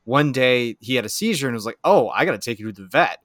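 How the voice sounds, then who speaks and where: A man chatting casually as a podcast guest, telling long, halting stories full of restarts. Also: medium pitch, animated, fairly bright tone, dry recording, studio quality. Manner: rambling, halting storytelling with many restarts. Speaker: podcast guest, bird owner. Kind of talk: casual chat.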